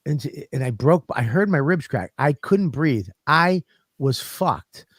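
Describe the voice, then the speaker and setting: Profane, animated man telling stories. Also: on the high side, measured pace, husky, dry recording, studio quality. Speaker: podcast co-host. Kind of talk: casual comedic chat.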